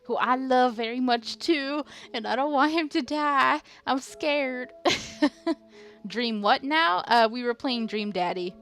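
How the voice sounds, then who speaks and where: Young woman game streamer, slow and giggly, talks to chat, easily spooked, faint music behind. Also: high-pitched, a bit bright. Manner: giggly, easily frightened, chats with viewers. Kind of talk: casual live-stream chat.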